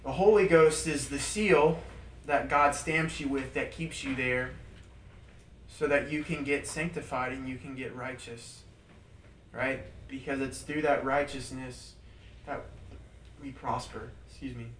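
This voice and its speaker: A man leading a small group Bible study in an informal, animated way, repeating points for emphasis and laughing through his stories. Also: medium pitch, a little slow. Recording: roomy, distant mic with faint background noise.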